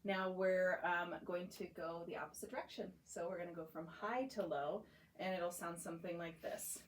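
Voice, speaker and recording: A young woman with a slightly low voice coaches a client through voice exercises in a clinic room. She explains each step patiently and encourages warmly, over a faint hiss of background noise. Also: steady tone, moderate pace, reverberant. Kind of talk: guiding a voice therapy session.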